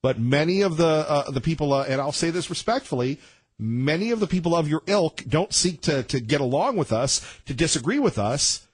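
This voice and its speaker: A man's voice: a little high, lively intonation, brisk, breathy edge, dry recording. A male talk radio host in a studio, delivering an emphatic, rambling monologue with many restarts.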